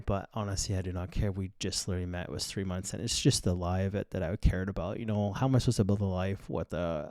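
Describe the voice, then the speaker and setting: A man's voice: on the low side, darkish tone, no room sound. A man in his thirties, the host of a podcast, telling a story in a blunt, crude and boastful way with plenty of swearing. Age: 30s. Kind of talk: casual storytelling monologue.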